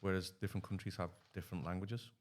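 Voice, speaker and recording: Fast-talking low-voiced man telling stories. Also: level tone. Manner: rambling storyteller, acts out quoted dialogue. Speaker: podcast guest. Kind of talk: casual chat.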